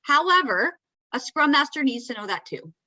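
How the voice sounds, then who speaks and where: A woman with a Southern accent presents a talk to a group in a casual, conversational way, often checking in with the listeners. Her voice is bright and sits a little high. The sound is dry and close, with no room echo. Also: very animated, normal speed, dull audio.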